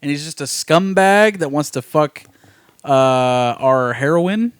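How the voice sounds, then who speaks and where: A man's voice: on the high side, expressive, slow, clear, resonant tone, dry recording. A man co-hosting a casual movie podcast, enthusiastic and swearing often. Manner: enthusiastic, swears a lot, says "dude". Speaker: podcast co-host.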